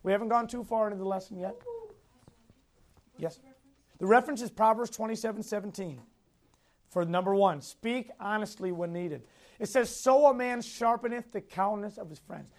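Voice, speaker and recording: A man's voice: high voice, moderate pace, pauses often. A man teaching a Sunday school lesson to a class, repeating key points, asking questions and chuckling often as he tells personal stories. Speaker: youth Bible teacher.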